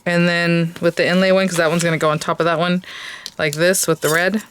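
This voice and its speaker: A woman's voice: lowish voice, little pitch movement, brisk, fairly bright tone, a little hiss or hum. A woman hosting a casual crafting tutorial, chatting and thinking aloud with plenty of hesitant fillers.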